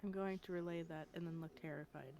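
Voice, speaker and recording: A woman's voice: fairly low pitch, steady tone, fast talker, vocal fry. A woman playing a tabletop game who chats casually and matter-of-factly. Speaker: player. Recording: noisy line with clicks.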